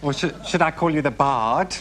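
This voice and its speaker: Camp, teasing game show host. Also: male voice, a little high, moderate pace, heavy background noise. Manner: camp, arch, teasing quips. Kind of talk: studio game show hosting. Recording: TV studio with audience and music.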